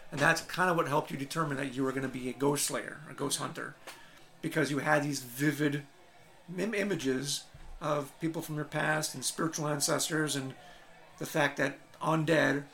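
A man's voice: a little high, fairly even intonation, moderate pace, fairly bright tone. A man narrating a tabletop game as game master, telling the scene vividly in the second person.

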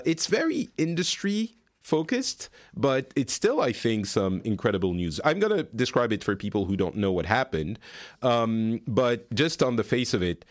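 A man's voice: medium pitch, no room sound, studio quality. A man hosting a casual gaming podcast from a friend's office, chatty and laughing often, with plenty of fillers. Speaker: podcast host.

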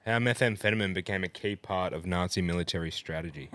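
Low-voiced easygoing co-host. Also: male voice, fast, fairly bright tone, no echo. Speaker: podcast co-host. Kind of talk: casual banter.

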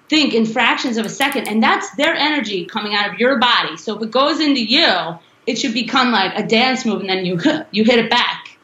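A woman's voice: fairly high pitch, fairly bright tone. A woman rock singer chatting loosely in an interview and laughing often. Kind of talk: casual interview chat. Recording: roomy, dull lo-fi sound.

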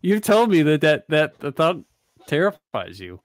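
A man co-hosting a casual podcast, speaking in a halting, measured way and often repeating words as he starts. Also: a little high, very animated, no room sound, studio quality. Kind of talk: casual chat, reading aloud from a book.

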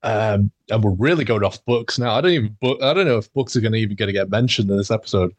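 Talking fast in a lowish voice, a young podcast host tells a meandering, profanity-laced story, laughing along the way as part of a relaxed storytelling chat. There's no room sound at all.

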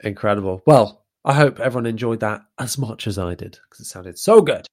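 A man's voice: on the low side, animated, brisk, darkish tone. A man hosting a podcast in casual chat, chatty and self-deprecating, explaining things at length. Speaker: podcast host.

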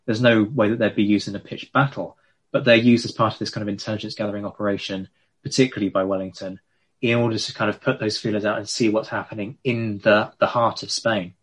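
A man's voice: lowish voice, fairly even intonation, fast talker, slightly rough. A man explaining history in a casual podcast chat, chatty and self-mocking.

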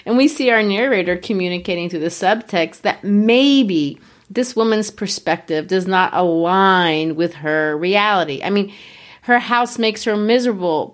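A woman teaching literature analyzes a story in a conversational, emphatic way. Her voice sits at a middle pitch for a woman. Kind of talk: literature lecture.

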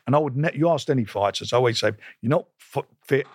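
A man's voice: medium pitch, fast talker, husky, no room sound, clean studio sound. An older man, a boxing promoter, telling blunt stories in an interview with emphatic repeats and restarts. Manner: emphatic, repetitive, combative, stumbles and restarts.

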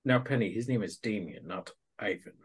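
A man playing a tabletop game, chatting casually and joking excitably. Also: on the low side, brisk, husky. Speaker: player.

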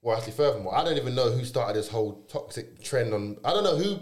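A young man in casual podcast chat, using slang and lots of quick agreeing fillers. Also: mid-range voice, lively intonation, roomy sound.

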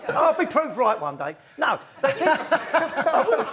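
Man, high pitch, mock-indignant rants, crowd laughing behind. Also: sing-song, unhurried. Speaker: regular panelist. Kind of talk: comedic panel banter. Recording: live audience laughter behind.

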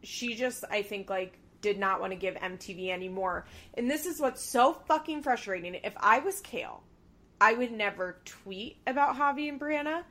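A woman co-hosting a casual podcast, recapping reality TV with animated, swear-filled chat and acted-out quotes. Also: a little high, moderate pace. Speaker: podcast co-host.

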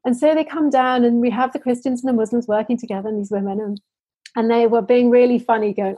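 A woman's voice: on the high side, fast, warm tone, slightly rough, no room sound. A woman from the United Kingdom, a social enterprise founder, answering interview questions in earnest stories full of restarts and fillers.

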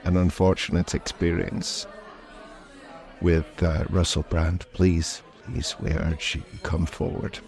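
A man's voice: low voice, little pitch movement, takes it slowly, vocal fry, a little mellow. A man co-hosting a podcast, chatting casually with many fillers and chuckles. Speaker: podcast co-host. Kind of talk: casual chat.

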